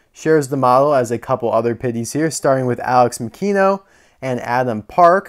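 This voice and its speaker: A young man talks through a toy collection in a relaxed vlog. His voice sits at a middling pitch, and he rambles with chatty enthusiasm, stopping often to point out small details. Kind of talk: casual toy review vlog.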